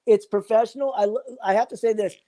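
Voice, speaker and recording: A man's voice: sits high, fairly even intonation, quick pace, mellow. An older man joking and rambling profanely as a guest on a live stream, calling in from his phone. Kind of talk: casual live-stream chat.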